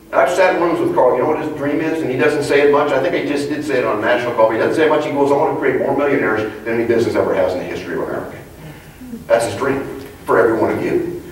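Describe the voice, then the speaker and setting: Motivational trainer, male, storyteller with quick rhetorical jabs, recorded from a distance in a big room. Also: mid-range voice. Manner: animated storyteller, punchy rhetorical questions. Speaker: leadership trainer. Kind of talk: motivational speech to a live audience. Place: large conference hall. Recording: echoey hall, mic far off.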